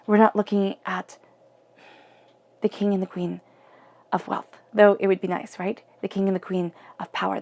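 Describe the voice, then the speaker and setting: An earnest woman gives a spoken tarot reading in a warm, gravelly voice. She keeps her delivery intimate and often sinks into a soft near-whisper. Her voice sits in an ordinary middle pitch for a woman. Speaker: tarot reader.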